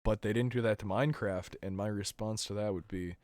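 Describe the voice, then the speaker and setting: Man, podcast co-host, low voice, dry sound, joking, trailing off, casual. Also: steady tone, a little fast, a little mellow, no room sound. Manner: joking, trails off at the ends of phrases. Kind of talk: casual chat.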